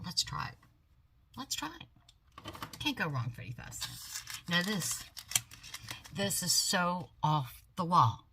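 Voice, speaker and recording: An older woman shows off her buys in a chatty, folksy manner, her voice low-pitched yet bright and forceful. She talks from a home office into a phone. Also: slight background noise. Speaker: haul vlogger. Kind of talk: casual product haul chat.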